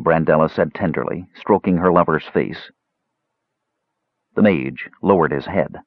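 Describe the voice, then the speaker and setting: A man narrating a fantasy audiobook with expressive storytelling. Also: a bass voice, a little slow, no room sound, dull audio.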